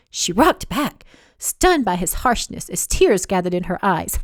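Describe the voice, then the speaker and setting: A woman reads her own romance novel aloud, expressive and dramatic in her storytelling. Her voice sits at a middle pitch. The recording is dry and close, with no room echo. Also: a little slow. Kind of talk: audiobook narration.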